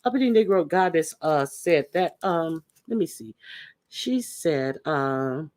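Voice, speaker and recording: At a measured pace, a host with an expressive, slightly mellow, middle-pitched voice offers casual takes on online drama. The commentary wanders and turns confrontational, with lots of fillers and restarts.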